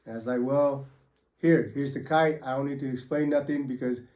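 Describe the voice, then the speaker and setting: A man's voice: medium pitch, fairly even intonation, brisk, a little mellow. A man who was once a federal prisoner tells his stories in casual first person, with profane street slang and many fillers.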